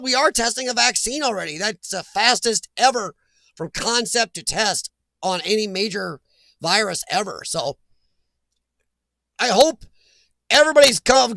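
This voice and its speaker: A blunt, opinionated man hosts a casual livestream and reads out viewer comments. His voice sits high with a gravelly edge. The sound is dry and close to the mic. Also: bright, forceful tone, no echo. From Midwestern US. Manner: blunt, opinionated, laughs easily. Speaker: livestream host. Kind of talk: casual live chat reading comments.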